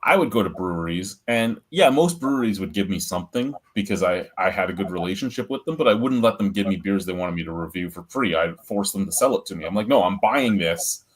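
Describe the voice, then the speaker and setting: A man's voice: deep voice, lively intonation, fast, hardly any pauses. A middle-aged man hosting a beer review show, telling stories in a blunt, profane, rambling way. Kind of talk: casual storytelling chat.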